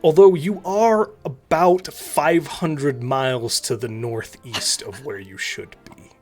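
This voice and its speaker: A man's voice: medium pitch, takes it slowly, a little mellow, soft background music. A man running a tabletop game as game master, narrating scenes loosely with fillers like "um" and "like.".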